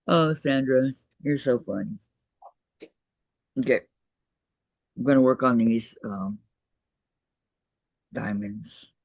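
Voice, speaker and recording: A man hosting a crafting video call, chatting casually and laughing often, with his voice going hoarse. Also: medium pitch, extremely slow, pauses often, dry recording. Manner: chatty, laughs often, greets viewers warmly. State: losing his voice. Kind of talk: casual chat while crafting. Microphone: computer microphone on a video call. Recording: dull lo-fi video call audio.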